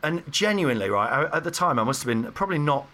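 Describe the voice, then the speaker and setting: A man hosting a podcast, with a bright, forward voice. He tells stories in a loose, animated way, full of fillers and restarts. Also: fairly high pitch, quick pace. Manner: animated storytelling, many fillers. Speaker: podcast host. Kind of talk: casual chat.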